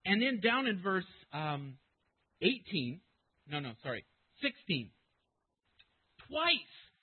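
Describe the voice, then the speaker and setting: A man with a husky, high voice preaches with lively, swooping pitch and emphatic bursts of volume. The sound is narrow and tinny, like it is coming over a phone line. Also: slow pace, long pauses. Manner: emphatic, rising to loud bursts when quoting scripture. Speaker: pastor. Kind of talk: sermon.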